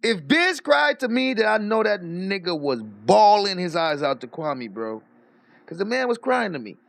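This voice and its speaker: A man with a high, gravelly voice tells a story in a loose, profane rant, animated and quick to laugh. The sound is dry and close, with no room around it. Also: dry recording. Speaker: streamer. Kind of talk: casual rant.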